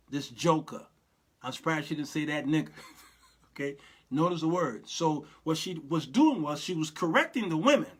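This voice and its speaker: Animated middle-aged man hosting a livestream. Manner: animated, talks to viewers directly, drops to low mumbles. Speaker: show host. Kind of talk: casual livestream commentary.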